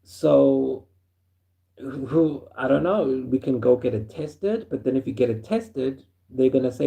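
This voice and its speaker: A man from Africa, telling a first-person story in an animated way and chuckling as he goes. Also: medium pitch, a little slow, creaky, lo-fi sound. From South Africa.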